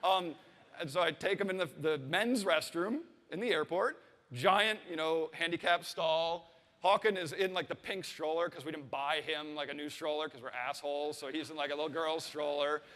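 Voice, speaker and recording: A man's voice: fairly high pitch, normal speed, a bit bright, long reverb tail. A man in his thirties telling a comic story on stage, swearing and acting out the voices of the people in it. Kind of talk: comic personal anecdote to a live audience.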